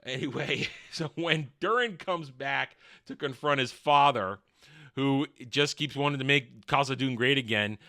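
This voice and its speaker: A man hosting a casual show review, animated and sarcastic. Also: mid-range voice, a little slow. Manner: animated and sarcastic, jumping into voices.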